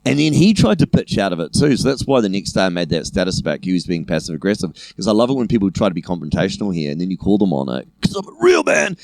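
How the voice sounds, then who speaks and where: A man in his thirties with a New Zealand accent, a comedian telling a profane, animated story on a podcast. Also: low-pitched, rapid-fire, vocal fry, few pauses, no echo. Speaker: comedian guest.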